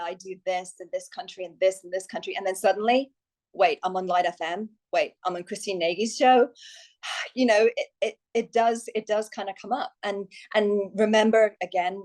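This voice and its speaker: Irish woman, success coach, podcast guest, enthusiastic and chatty. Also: medium pitch. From Ireland. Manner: enthusiastic, animated, many fillers and restarts. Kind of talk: podcast interview.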